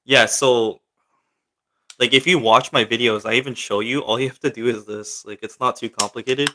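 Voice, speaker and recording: A young man answers his viewers during a relaxed livestream, reading their questions out and rambling with many filler words. His medium-pitched voice is steady and moderately paced, with background noise audible.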